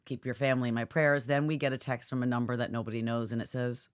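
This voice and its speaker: A woman co-hosting a podcast, chatting casually and telling a story in an animated way, jumping high when she acts out other people. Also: fast talker, hardly any pauses. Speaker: podcast co-host.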